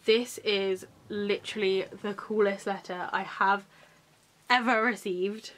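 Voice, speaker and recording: A woman's voice: medium pitch, steady tone, measured pace, a bit bright. Gushing young woman, gasping often. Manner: gushing, gasps often, many "like" fillers. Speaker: vlogger. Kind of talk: unboxing video chat.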